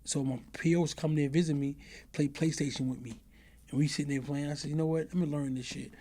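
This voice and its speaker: A middle-aged man recounts his past in a relaxed interview, his voice pitched a bit high but dark and mellow in tone. He slips into the voices of the people he describes and keeps leaning on "you know what I mean". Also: brisk. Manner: animated, acts out the voices of the people in his stories. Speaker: interview guest. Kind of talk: casual storytelling.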